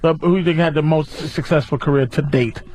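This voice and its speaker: A man's voice: on the high side, fast, a little mellow, dry recording. A man hosting a casual comedy chat, blunt and prodding with his questions.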